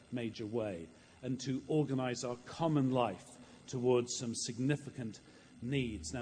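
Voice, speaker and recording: A man's voice: mid-range voice, darkish tone, big-room sound, a little hiss or hum. A man preaching a sermon in a church, earnest and storytelling, often repeating words as he goes.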